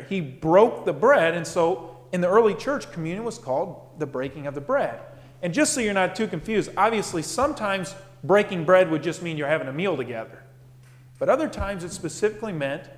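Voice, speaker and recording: Fairly high-voiced male preacher. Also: echoey room, in a large hall. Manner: emphatic, repeats key phrases. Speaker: pastor. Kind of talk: sermon.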